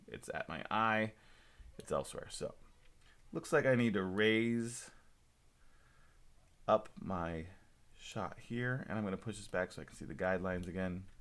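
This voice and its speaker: Male teacher, very low voice, laid-back running commentary over a screen demo. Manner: talks to himself while working, relaxed asides and small jokes. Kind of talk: screen-recorded software demo lesson.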